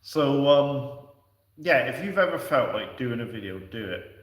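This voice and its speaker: A man's voice: mid-range voice, animated, measured pace. Chatty man in an echoey room. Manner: chatty and rambling, answering viewers with restarts and fillers. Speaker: livestream host. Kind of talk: casual livestream chat. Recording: echoey room, distant from the mic.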